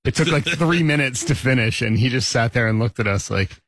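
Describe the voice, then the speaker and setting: A man's voice: mid-range voice, animated, fairly quick, a bit bright. A man in casual group banter, telling a playful story.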